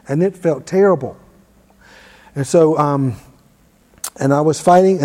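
Man, informal ministry teaching, conversational storyteller, self-deprecating, fairly high mellow voice. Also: long reverb tail.

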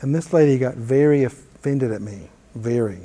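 A man's voice: medium pitch, normal speed, warm tone, in a large hall. A man teaching informally and telling a personal story, conversational and self-deprecating. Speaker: ministry teacher.

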